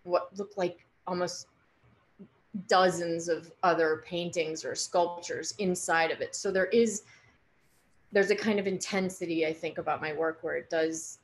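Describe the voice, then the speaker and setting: A woman in her forties, an artist guest, talking in a halting, hesitant way with many restarts. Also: on the low side, steady tone, a little hiss or hum. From United States. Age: 40s. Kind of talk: casual conversation.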